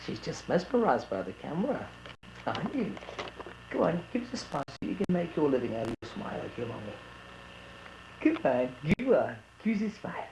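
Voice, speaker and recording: A woman's voice: low voice, very animated, brisk, gravelly, roomy sound. A woman at home cooing playful baby talk to an infant while filming with a camcorder. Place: home indoors. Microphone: camcorder mic. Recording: noisy 1980s home video.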